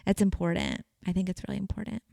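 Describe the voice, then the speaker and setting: Woman, middle-aged, earnest, reflective, lowish pitch, dry. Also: huge pitch swings, fast, creaky, mellow, no room sound. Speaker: podcast co-host. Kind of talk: casual conversation.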